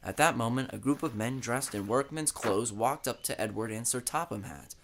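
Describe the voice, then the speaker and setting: A man narrating a children's train story in an expressive, dramatic storytelling way. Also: mid-range voice, moderate pace, a little hiss or hum.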